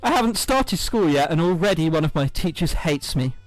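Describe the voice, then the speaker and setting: A man's voice: fairly high pitch, big pitch swings, a little fast, no room sound, soft background music, low-quality recording. A man reading as a shy new schoolgirl. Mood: polite. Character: new girl student, polite and unsure. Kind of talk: reading a visual novel aloud with voices.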